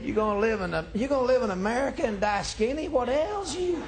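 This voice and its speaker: A male pastor, preaching a folksy, joking sermon that climbs into shouts. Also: very high voice, lively intonation, quick pace, background noise. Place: church sanctuary.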